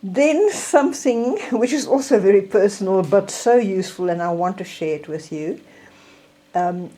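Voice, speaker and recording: An older woman with a South African accent talks slowly through her recovery tips, holding up things as she explains them. Her voice sits a little low and has a soft, mellow tone. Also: breathy edge. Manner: slow, chatty, demonstrating objects. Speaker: vlogger sharing recovery tips. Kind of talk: casual show-and-tell.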